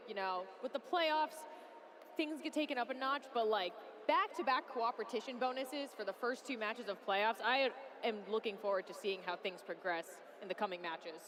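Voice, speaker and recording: A woman commentating a robotics competition live from an arena booth, with excited exclamatory play-by-play. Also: medium pitch, normal speed, crowd noise.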